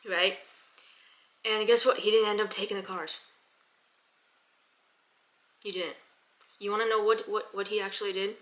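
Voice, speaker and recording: A young woman telling a story in a casual vlog, chatty, with quick restarts and repeated words. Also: mid-range voice, fairly even intonation, fairly bright tone. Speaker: vlogger.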